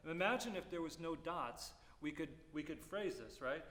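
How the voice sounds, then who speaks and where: A man teaching a music clinic, explaining phrasing and singing rhythms aloud with lively syllables. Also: fairly high pitch, brisk, few pauses. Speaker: percussion clinician. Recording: roomy hall reverb, faint noise.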